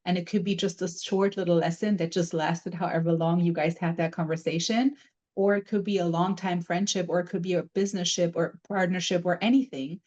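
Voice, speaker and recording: A woman's voice: on the low side, fairly even intonation, a little fast, a little mellow, lo-fi sound. A woman hosting a podcast who speaks in long, thoughtful, flowing sentences, often adding "you know". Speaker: podcast host. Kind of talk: reflective conversation.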